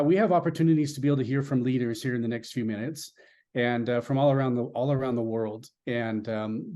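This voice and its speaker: A man's voice: medium pitch, dark tone. A man hosting a company launch event, giving an earnest motivational speech with repeated rhetorical questions and many fillers.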